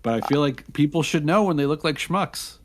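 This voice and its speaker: A man's voice: on the high side, fairly quick, a little hiss or hum. A man playing a tabletop role-playing game, joking cheekily. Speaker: player. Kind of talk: tabletop role-play chat.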